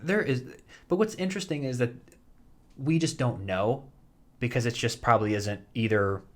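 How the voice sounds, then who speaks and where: A man's voice: medium pitch, moderate pace. A man in his thirties chatting casually as a podcast co-host, rambling with many fillers and restarts. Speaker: podcast co-host, soap actor. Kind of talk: casual chat.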